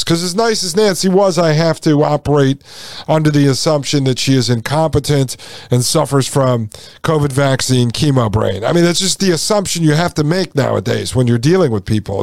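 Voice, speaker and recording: A man's voice: mid-range voice, expressive, brisk, a little mellow, no echo, clean studio sound. A male podcast host rambling casually through a long story, full of fillers and asides.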